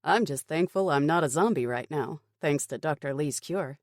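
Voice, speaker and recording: A woman's voice: deep voice, normal speed, dry recording, studio quality. A woman reading as a cheerful smug army sergeant.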